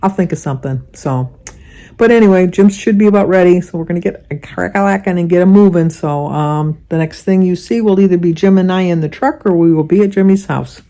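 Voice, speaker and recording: A woman in her seventies chatting casually as she films her day, self-deprecating and quick to laugh. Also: fairly low pitch, dark tone, no echo. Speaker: vlogger. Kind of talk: casual chat. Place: in a truck and outdoors. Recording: noisy phone video.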